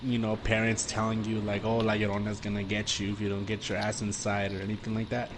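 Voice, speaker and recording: Young man from the border region, lower voice, easygoing storyteller, audible hiss. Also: quick pace. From US-Mexico border region. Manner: relaxed, swears freely, many fillers. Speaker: podcast guest. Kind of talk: casual storytelling chat.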